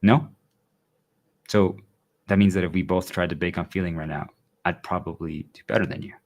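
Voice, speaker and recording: A man with a low voice and some vocal fry talks at a moderate pace with fairly even intonation. He's delivering a casual, earnest monologue to his viewers, rambling and often checking whether they understand.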